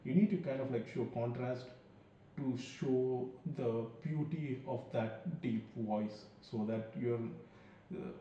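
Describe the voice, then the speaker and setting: Gravelly man in an echoey room. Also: mid-range voice, slow, mellow, slight background noise. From India. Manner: rambling, loose and digressive. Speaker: podcast host. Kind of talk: casual solo film review. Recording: very echoey room, mic far off, dull lo-fi sound.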